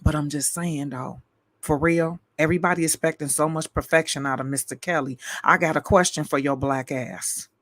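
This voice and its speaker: A tired woman hosting a live stream, delivering a fiery, profane rant full of rapid-fire repetition. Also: deep voice, fairly even intonation, no echo.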